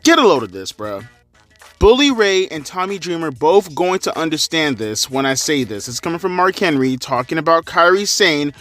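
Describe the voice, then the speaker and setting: A man's voice: a little high, very animated, normal speed, a bit bright, faint music behind. A young man hosting a crude, sarcastic rant commentary, cursing heavily. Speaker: commentary channel host.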